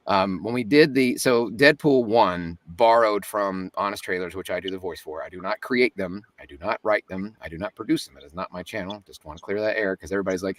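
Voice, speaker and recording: A man's voice: on the low side, a little fast, a bit bright, no room sound, distant mic. A man, a voice actor, talking as a guest in a casual interview, chatty and joking, often laughing.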